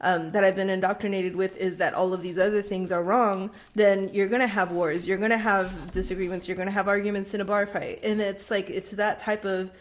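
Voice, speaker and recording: A woman in casual podcast chat, thinking aloud in a rambling, reflective way with quick bursts. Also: mid-range voice, level tone, a little hiss or hum. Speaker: podcast co-host.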